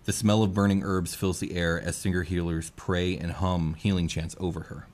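A man narrating and running a tabletop role-playing game, laid-back and quick to laugh. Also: deep voice, flat delivery, darkish tone. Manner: laid-back, laughs easily, uses fillers. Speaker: game master.

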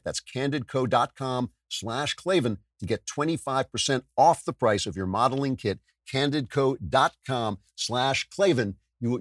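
A podcast host, a man with a medium-pitched voice, delivers a sarcastic monologue of political commentary, full of restarts and self-corrections. He's animated and mimics voices. The studio recording is clean, with no room sound.

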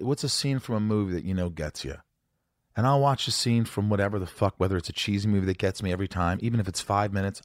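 A man with a lowish voice talks frankly and emotionally, dropping curses as he goes. The sound is close and dry, with no room around it. His manner is raw and unguarded. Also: no room sound. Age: older. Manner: raw, emotional, swears freely. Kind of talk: candid casual conversation.

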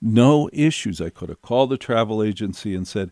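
A middle-aged man with a lowish, expressive, mellow voice tells a personal anecdote a little fast and with few pauses. He's wry and digressive, circling back and repeating key phrases to build the story. The recording is dry, clean studio sound.

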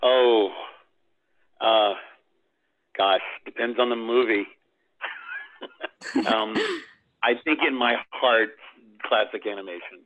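Man, low voice, phone-line sound, hesitant, many ums, chuckles easily. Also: steady tone, slow pace, long pauses. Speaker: animation director, guest. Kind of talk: casual interview.

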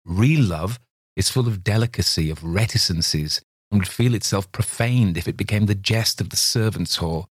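A man with a low voice playing a reserved, sceptical gentleman who answers with cool irony. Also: normal speed, slightly rough, dry recording, studio quality. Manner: cool, ironic, detached.

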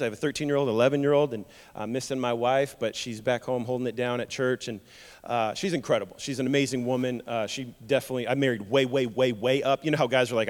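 A male pastor preaching a sermon, an animated, joking storyteller who often repeats words, recorded in a church. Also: mid-range voice. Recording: long hall reverb.

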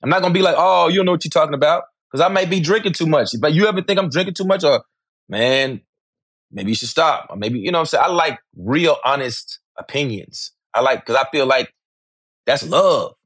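A man's voice: a little high, animated, fairly quick, a bit bright, husky, no echo, studio quality. A middle-aged man, speaking candidly as an interview guest, emphatic and repetitive, swearing freely.

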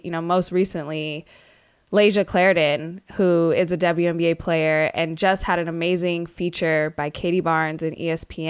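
A woman co-hosting a podcast in casual chat, easygoing and measured as she tells stories. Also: lowish voice, smooth. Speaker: podcast co-host.

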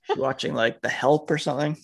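A man's voice: mid-range voice, steady tone, quick pace, gravelly. A man hosting a podcast from home, reading an ad and then chatting casually. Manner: easygoing, chatty. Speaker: podcast host. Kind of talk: ad read and casual chat. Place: home with children nearby.

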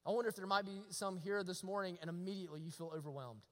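A man preaching in a church, his voice pitched very high with a bright, forceful edge. He drives his points home by repeating them. The sound rings with the long reverb of a large hall. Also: rapid-fire. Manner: impassioned, repeats lines for emphasis. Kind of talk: sermon. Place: church sanctuary.

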